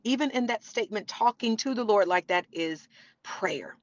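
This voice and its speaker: A woman's voice: mid-range voice, expressive, moderate pace, no echo, lo-fi sound. A woman hosting a faith-based podcast, talking earnestly and preachily to her listeners. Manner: earnest, preachy, says y'all often. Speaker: podcast host. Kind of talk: faith-based motivational talk.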